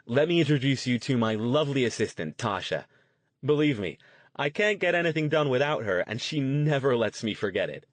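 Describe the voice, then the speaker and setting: A man voicing a flamboyant young stage magician, booming with enthusiasm to an audience. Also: animated, brisk, dry recording, close to an everyday voice. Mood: enthusiastic.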